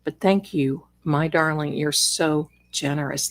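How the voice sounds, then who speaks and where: A woman hosting a casual livestream from home, chatting with viewers at a desk microphone, rambling warmly and calling them darling and sister. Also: sits low, unhurried. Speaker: livestream host and psychic reader. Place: home, cat on her lap.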